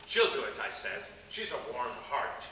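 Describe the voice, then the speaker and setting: A man's voice: mid-range voice, sing-song, moderate pace, sharp tone. A man playing a blustery old betting husband. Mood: gloating. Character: older bantering husband, teasing gambler. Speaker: stage actor. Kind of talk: community theatre acting. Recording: distant stage recording, echoey hall, room noise.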